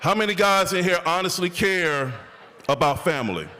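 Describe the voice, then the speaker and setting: A man warming up a crowd at a live event, with a preacher-like call-and-response delivery and rhythmic lists. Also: sits high, expressive, normal speed, low-quality recording. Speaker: event warm-up speaker. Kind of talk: rally hype speech.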